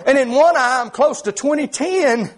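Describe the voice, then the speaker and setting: A middle-aged man, preaching a sermon with fervor, many "uh" fillers and shouted peaks. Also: extremely high pitch, lively intonation, moderate pace.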